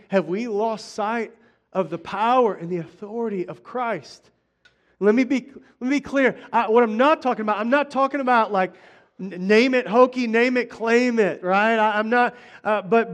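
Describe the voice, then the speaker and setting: A middle-aged male pastor preaching a sermon in a conversational way, often restarting phrases and speaking straight to the congregation. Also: high-pitched. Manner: conversational preaching, frequent restarts and direct address.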